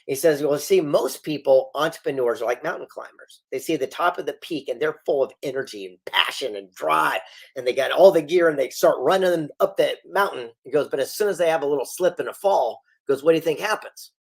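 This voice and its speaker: A man's voice: on the high side, lively intonation, brisk, creaky. A middle-aged man, a guest author and speaker, telling stories in an interview and acting out the dialogue he quotes. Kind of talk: storytelling interview.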